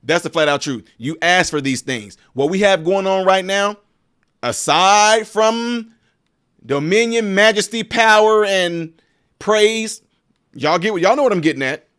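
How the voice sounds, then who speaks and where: A high-pitched man hosts a live-stream political commentary. He talks in an emphatic, preachy way and aims it straight at his viewers. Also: lively intonation, unhurried, a bit bright, smooth.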